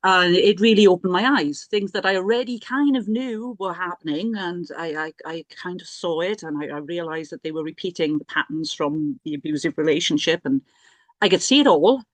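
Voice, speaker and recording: A woman's voice: fairly low pitch, normal speed, dry recording. Chatty, self-mocking middle-aged woman. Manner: chatty, self-mocking, many restarts and asides. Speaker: priestess and healer. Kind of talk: casual personal storytelling.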